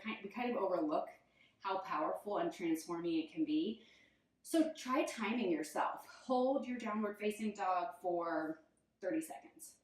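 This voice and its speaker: Breathless, giggly woman yoga teacher. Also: mid-range voice. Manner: giggly, self-deprecating, chatty. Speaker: yoga instructor. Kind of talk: guided yoga instruction while demonstrating. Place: room, instructor moving on a mat. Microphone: camera mic at a distance. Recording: very echoey room, voice from far off.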